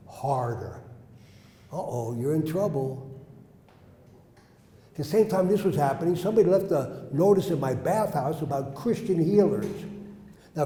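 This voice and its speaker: A man telling his life story to a live audience, asking them questions and acting out the quotes loudly. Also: on the high side. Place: hall with an audience. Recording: echoey hall.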